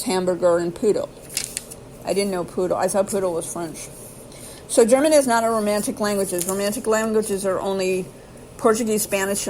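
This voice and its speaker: Woman reading out loud and rambling, kinda low voice, lots of ums and restarts. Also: a little hiss or hum, poor audio. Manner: rambling, hesitant, self-correcting; thinks aloud between read passages. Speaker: video host reading aloud. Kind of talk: casual read-aloud with asides.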